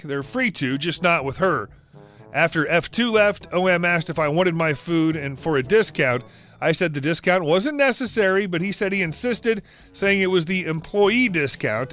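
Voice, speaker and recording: A man tells a reddit story in a scripted narration style, keeping one voice for every character's dialogue. His voice sits high for a man. Faint music plays underneath. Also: a bit bright.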